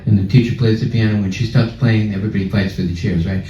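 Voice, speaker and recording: A man tells a humorous story to a gathered crowd, animated, laughing often and acting out the scenes. His voice sits on the low side. The recording is distant and roomy, with a dull, muffled sound. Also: fast. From New York. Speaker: spiritual speaker. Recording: echoey room, far and dull.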